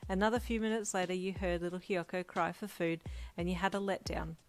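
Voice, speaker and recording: A woman reading a second-person fan fiction audiobook in a steady, soft storytelling manner. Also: lowish voice, fairly quick. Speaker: fanfiction reader.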